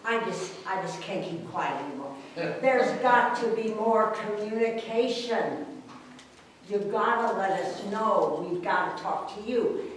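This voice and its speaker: An older woman speaking at a council meeting's public comment, emphatic and animated, acting out what neighbors told her. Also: medium pitch, unhurried. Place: council meeting room, heard from far off. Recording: echoey room, distant mic, faint hum.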